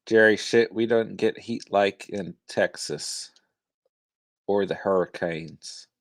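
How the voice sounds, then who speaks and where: Gravelly low-voiced man streaming. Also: takes it slowly, no room sound. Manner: reads viewer chat aloud, easygoing. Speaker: host. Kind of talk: casual live-stream chat.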